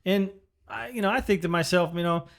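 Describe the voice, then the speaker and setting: A man's voice: high-pitched, fairly quick, gravelly, fairly bright tone. A man co-hosting a podcast in casual chat, talking reflectively about raising his daughter. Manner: reflective, builds on others' points. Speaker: podcast co-host.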